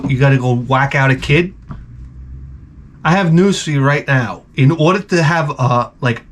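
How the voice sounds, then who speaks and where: A man giving blunt, profane advice in a rambling comedic rant, a little tipsy from beer. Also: mid-range voice. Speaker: advice vlogger answering viewer questions.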